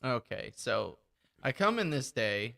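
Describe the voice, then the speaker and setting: A man's voice: mid-range voice, very animated, measured pace, creaky, sharp tone. A man co-hosting a podcast, chatting casually with crude, joking banter. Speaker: podcast co-host.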